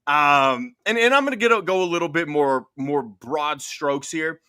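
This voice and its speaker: A man's voice: on the high side, moderate pace, bright, forceful tone, clean tone, no echo, studio quality. A man hosting a podcast, chatting casually and running through playful, teasing rants. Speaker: podcast host.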